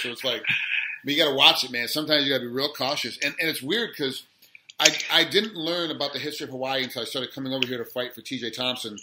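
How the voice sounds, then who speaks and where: A man interviewing a guest in casual chat, talking fast and animated. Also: mid-range voice. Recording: roomy echo with faint noise.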